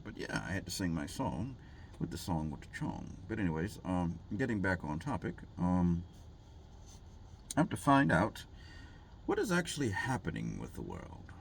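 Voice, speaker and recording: A man's voice: lowish voice, a little hiss or hum. A man vlogging in a rambling, jokey way, full of fillers and asides. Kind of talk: casual rambling vlog talk.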